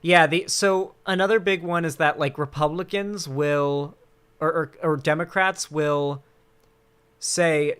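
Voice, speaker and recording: A young man on a casual commentary stream who rambles and swears as he rants. His voice runs a bit high, with an animated, loose delivery. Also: smooth. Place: cramped home setup.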